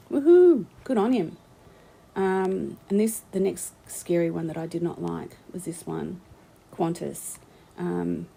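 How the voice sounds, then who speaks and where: A woman's voice: fairly low pitch, gravelly, warm tone, a little hiss or hum, low-quality recording. A woman, giving rambling, opinionated commentary full of ums as she talks through her screen. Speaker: vlogger. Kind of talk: casual screen-share commentary.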